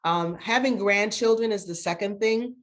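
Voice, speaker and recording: A woman's voice: mid-range voice, normal speed. A grandmother guest in an interview, telling a story in an earnest, motivational way with repeated words for emphasis. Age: older.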